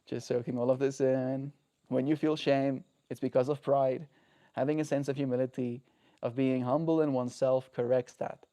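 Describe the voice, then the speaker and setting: A man's voice: medium pitch, level tone, normal speed, mellow. A man talking earnestly and reflectively on a daily livestream, often checking in with the listener. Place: home.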